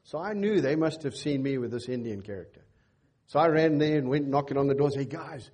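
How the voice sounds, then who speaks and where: A middle-aged pastor preaches in a church with a husky, mellow voice. He tells a story in his sermon and acts out the dialogue in an animated way, raising his voice for the other people in it. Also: medium pitch, a little fast.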